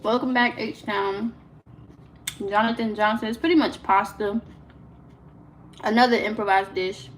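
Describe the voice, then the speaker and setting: A young woman, hosting a casual live stream from her kitchen, animated and full of "like" fillers. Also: mid-range voice, measured pace, pauses often, slight background noise, low-quality recording. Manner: chatty and animated, lots of "like" fillers, laughs often. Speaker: livestream host. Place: home kitchen.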